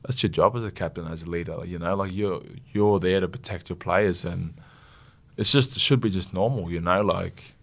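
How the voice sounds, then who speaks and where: A young Australian man, a rugby league captain, talking earnestly and haltingly in an interview, getting emotional. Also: deep voice, fairly bright tone. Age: young adult. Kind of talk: casual interview.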